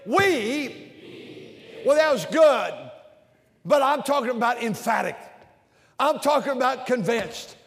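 A man's voice: extremely high pitch, expressive, measured pace, gravelly, big-room sound. A man preaching an emphatic sermon as a Baptist preacher, leading his congregation in call-and-response. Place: large church with balcony and bleachers.

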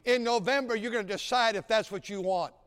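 A man preaching a sermon, telling folksy stories and building to shouted exhortation. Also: sits high, brisk, clear, resonant tone. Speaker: pastor. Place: large church sanctuary. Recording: church sanctuary with long reverb.

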